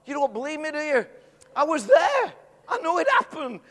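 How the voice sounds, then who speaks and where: A middle-aged man preaching a sermon, telling a story in an animated way that swells into excited shouts. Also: very high voice, moderate pace. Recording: long hall reverb.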